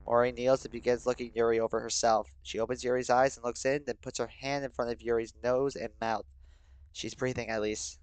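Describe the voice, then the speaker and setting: A young man streaming and reading a game story aloud, shifting between steady narration and sudden excited, swearing outbursts. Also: mid-range voice, a little fast, smooth, no room sound, low-quality recording. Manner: reads narration in a steady, subdued voice.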